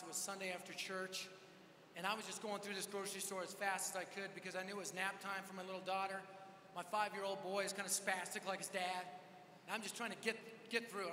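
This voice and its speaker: A man preaching a sermon at a large event, telling a story with energetic, self-mocking humor. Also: high voice, a little hiss or hum. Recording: echoey hall with live reverb.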